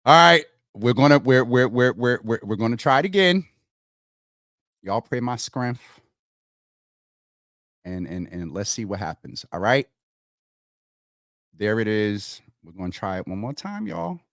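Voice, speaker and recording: A man hosting a casual livestream, thinking out loud as he works through technical problems and talking straight to his viewers, calling them y'all. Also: mid-range voice, big pitch swings, unhurried, long pauses, no room sound, clean studio sound. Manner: thinks out loud while fixing tech problems. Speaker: livestream host.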